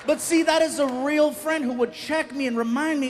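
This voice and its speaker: A middle-aged man performing a stand-up comedy set on a live stage, telling stories with animated delivery and acting out other people's voices. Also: very high voice, fairly quick, few pauses, slight background noise.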